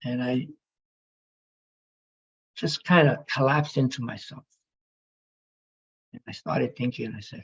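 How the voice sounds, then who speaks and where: A man telling his near-death story as emotional personal testimony, halting and pausing as he speaks. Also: mid-range voice, breathy edge, lo-fi sound. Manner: halting, emotional, with pauses and restarts.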